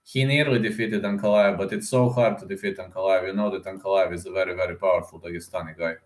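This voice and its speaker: A man's voice: sits low, fairly even intonation, fast talker. A man hosting a casual livestream, chatting with viewers, speaking as a with lots of fillers. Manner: chatty, many fillers and "man", reads chat aloud. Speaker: livestream host making fight predictions. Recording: roomy echo.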